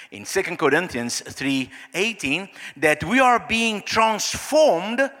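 A man preaching a sermon as pastor, acting out little scenes in soft, low voices. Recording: long hall reverb.

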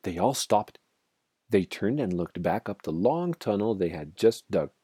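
A man reading a children's story aloud with expressive, dramatic storytelling. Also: on the low side, measured pace, slightly rough, dry recording, studio quality. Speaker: narrator.

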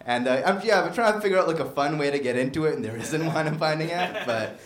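A young man doing a stand-up set in a comedy bar, mostly flat and dry, with sudden loud mock shouts, on a handheld stage mic. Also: fairly high pitch, fast talker. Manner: dark deadpan humor with bursts of loud mock shouting. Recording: echoey bar room.

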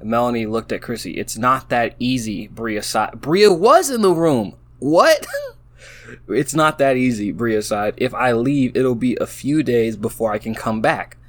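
A man's voice: mid-range voice, steady tone. A man reading an AI-written story aloud, breaking off into amused, laughing asides about what the text says. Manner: slow, halting reading broken by laughing asides. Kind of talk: casual reading aloud with commentary.

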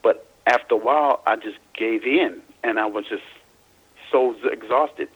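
A man from Louisiana, a guest in a casual phone interview, telling his story in a halting way full of restarts and repeats. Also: medium pitch, husky, poor audio.

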